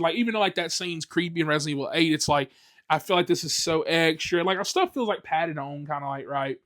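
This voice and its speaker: Male solo podcaster, blunt and profane, slightly raised pitch, loose chatty delivery. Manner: blunt, profane, animated ranting with many fillers. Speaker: podcast host. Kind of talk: casual solo podcast rant.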